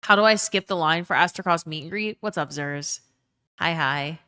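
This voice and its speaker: A woman's voice: low-pitched, normal speed, sharp tone, clear, resonant tone. A woman live streamer chatting casually with her chat, answering them and telling a tender story, with lots of "um" and "like" and some swearing.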